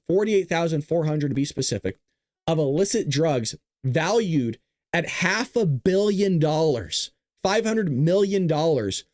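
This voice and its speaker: A man hosting a political commentary show, casually rambling with crude, excitable remarks. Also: fairly high pitch, no room sound, clean studio sound. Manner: excitable, crude, rambling, with self-amused laughs.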